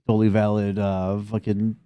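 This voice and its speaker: A man's voice: on the low side, completely flat delivery, normal speed, clean tone, no room sound, highs cut off. A man narrating as game master of a tabletop game in a casual, amused way.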